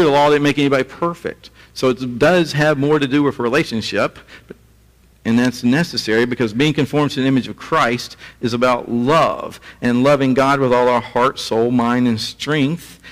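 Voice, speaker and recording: A male pastor preaching a sermon in a relaxed, conversational way, with chuckling asides. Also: medium pitch, normal speed, long reverb tail, poor audio.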